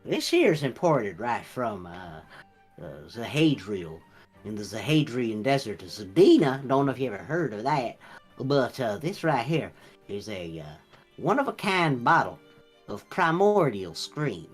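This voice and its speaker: A man's voice: mid-range voice, big pitch swings, a little slow, breathy edge, faint music behind, voice pushed down. A man voicing an old male vulture shopkeeper who talks in a sly, folksy drawl. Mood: sly salesman. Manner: folksy drawl, calls listener sonny.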